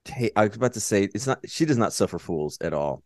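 A man's voice: on the low side, fast, dry recording, studio quality. A man co-hosting a podcast, retelling game scenes in casual chat and acting out the characters' lines. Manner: animated, acts out characters' lines while retelling. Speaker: podcast co-host.

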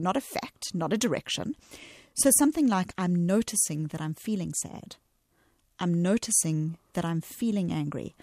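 A woman's voice: fairly low pitch, darkish tone, no room sound, studio quality. A woman, an author and guest, explaining her ideas in an interview in an articulate, emphatic way.

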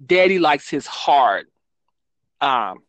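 Here a rambling woman author of children's books chats casually as an interview guest, her deep voice slow and marked by big pitch swings. She says um a lot and keeps correcting herself, and the sound is dry and close with no room sound.

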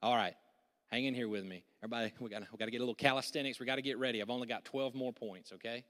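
A male pastor delivering a sermon with energetic, joking delivery and prompts to the congregation. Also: mid-range voice, very fast. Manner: energetic, jokey preaching with audience prompts. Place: church sanctuary. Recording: church hall with long reverb.

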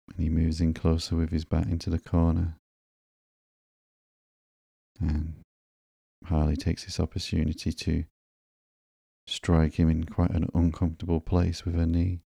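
Calm male narrator for bedtime comic readings, extremely flat and slow, mellow and dark. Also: extremely low pitch, gravelly, slightly rough, no room sound, studio quality. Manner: calm, monotone, drawn-out. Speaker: podcast host and comic reader.

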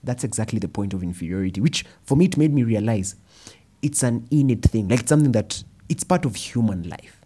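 A young man with a Kenyan accent giving a personal storytelling talk, animated and slipping Swahili phrases into his English. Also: fairly low pitch, a little fast, slightly rough. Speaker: speaker.

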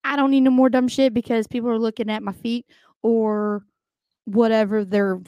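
A woman's voice: fairly high pitch, flat delivery, moderate pace, warm tone, no room sound, highs cut off. A young adult woman co-hosting a podcast in casual, blunt, profane chat, laughing often. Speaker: podcast co-host.

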